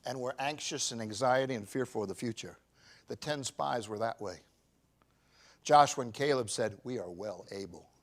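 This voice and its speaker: A pastor in his fifties preaching a sermon, swinging from shouted emphasis to quiet, personal confession. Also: medium pitch, normal speed. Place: church.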